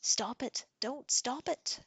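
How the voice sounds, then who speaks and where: Seorang perempuan menyuarakan gadis bangsawan muda yang cengeng dan mudah panik, berbicara melengking. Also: female voice, moderate pace, slightly rough, dry recording. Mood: shrieking. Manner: shrill, distressed. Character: young noble girl, prim and tearful.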